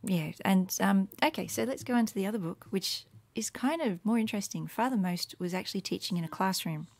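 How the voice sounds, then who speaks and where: A woman giving a casual, rambling screen walkthrough of her Latin study resources, with many fillers and soft murmured asides. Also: mid-range voice, a little fast, no room sound. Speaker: Latin teacher making resources.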